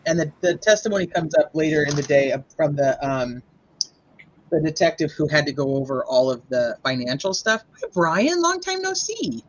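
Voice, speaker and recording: A man hosting a podcast, chatting casually and quickly retelling court testimony he wrote down. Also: fairly high pitch, lo-fi sound. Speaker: podcast host. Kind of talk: casual chat.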